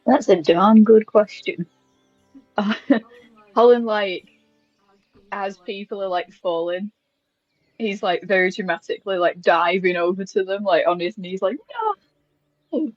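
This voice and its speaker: A woman's voice: medium pitch, steady tone, measured pace, long pauses, dry recording, faint music behind. Woman player, dull close sound. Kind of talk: tabletop game play.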